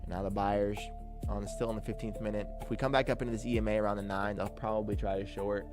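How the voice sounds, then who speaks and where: Lower-voiced man calling market moves. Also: steady tone, fast, music in the background. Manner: hyped, slangy market talk. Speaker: day trader. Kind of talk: live trading commentary.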